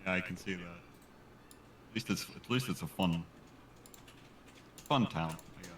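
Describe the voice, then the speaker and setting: A man's voice: deep voice, measured pace, slight background noise. A man taking part as a player in a tabletop game, talking casually with some hesitation.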